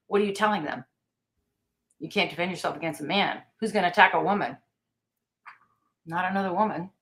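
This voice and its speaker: A middle-aged American woman, a taekwondo master and podcast guest, telling stories with energy and acting out the lines of people she quotes. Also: fairly low pitch. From United States. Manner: lively storyteller, acts out quoted lines. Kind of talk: storytelling in a podcast interview.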